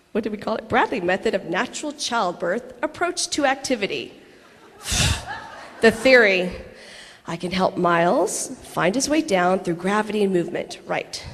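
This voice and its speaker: Thirtysomething woman reading her own story onstage, laughing asides, big echoey hall. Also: medium pitch. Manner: lively storytelling with laughing asides and acted quotes. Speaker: actress reading a personal letter on stage. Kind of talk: reading aloud a personal story to a convention audience. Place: large convention hall.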